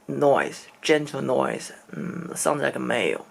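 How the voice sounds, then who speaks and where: A man's voice: on the high side, very animated, unhurried, creaky, few pauses. A man from China, speaking English and telling a personal story in a casual vlog, hesitant and searching for words. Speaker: vlogger.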